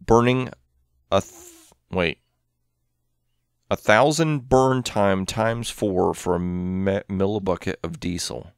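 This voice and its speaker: A man's voice: low voice, slow, long pauses, clear, resonant tone, no room sound, clean studio sound. A man hosting a modded game video, chatting casually and thinking aloud as he plays, counting items under his breath. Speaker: gameplay channel host. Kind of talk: casual gameplay commentary. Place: home room with his cat.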